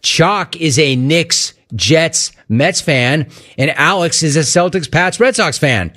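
A man hosting a sports talk show, talking casually in a mocking, animated way with quick asides. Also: fairly high pitch. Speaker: sports talk radio host.

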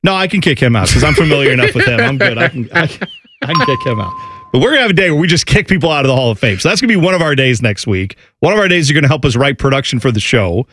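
A man's voice: medium pitch, sing-song, a bit bright, no echo. A man co-hosting a sports radio show, chatting casually and jokily, rambling from topic to topic. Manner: rambling, joking, fast. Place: radio studio.

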